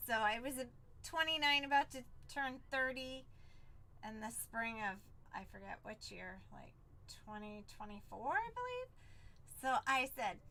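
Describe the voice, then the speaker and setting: Host: thirties, woman, bright and sparkly, chatty storyteller. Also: sits high, lively intonation, normal speed. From San Diego, Southern California. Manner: bubbly, chatty storyteller who acts out quotes. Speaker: livestream card break host. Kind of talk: casual live-stream chat.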